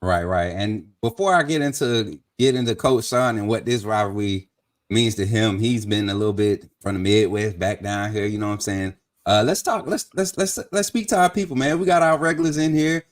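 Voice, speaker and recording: A man hosting a casual sports talk livestream, chatty and energetic as he hypes the audience. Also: on the low side, normal speed. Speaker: show host.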